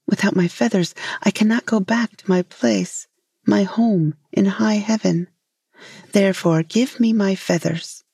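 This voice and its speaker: A woman voicing a gentle female moon fairy who speaks in a pleading, lyrical way in a storybook tale. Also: medium pitch, unhurried, creaky, slightly rough, dry recording, studio quality.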